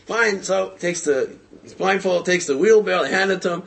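A man telling a parable to a group in an animated storytelling talk, repeating words for effect. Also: high-pitched, a little fast, creaky.

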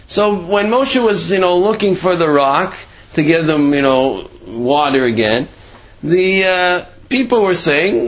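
Brief: male Torah teacher, slightly high voice, very animated delivery, dull lo-fi recording. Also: measured pace. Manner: animated, acts out quoted speech with shifting voice; conversational, many "you know" asides and restarts. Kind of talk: Torah class explaining Rashi's commentary.

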